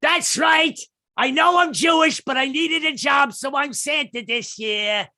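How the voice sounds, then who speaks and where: A male stand-up comic voicing a loud, grating comedian dressed as Santa, shouting his lines in a squawking way. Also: very high-pitched, unhurried, creaky, voice pushed up, heavily acted.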